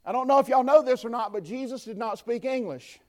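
A man's voice: extremely high pitch, fairly quick, darkish tone. A man preaching a sermon with an impassioned, repetitive cadence.

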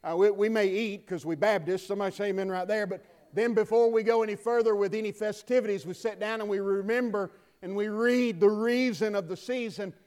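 A male pastor with a very high voice delivers a sermon, reading scripture aloud. He swings between loud, ringing proclamations and hushed, low asides. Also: steady tone, brisk, hardly any pauses.

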